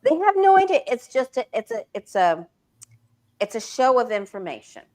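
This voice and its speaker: A woman's voice: fairly high pitch, big pitch swings, normal speed, a little mellow. A woman co-hosting a tarot chat, adding wry, chatty comments in a casual conversation. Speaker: guest co-host.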